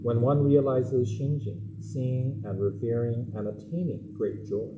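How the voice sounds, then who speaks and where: A man giving a calm, measured dharma talk as a minister. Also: medium pitch, background noise. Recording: echoey room.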